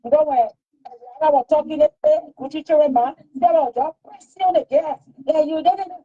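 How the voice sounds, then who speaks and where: In a dull lo-fi recording, a woman with a high, warm voice speaks at a moderate pace. She's in a heated casual conversation, stressing her points and repeating herself.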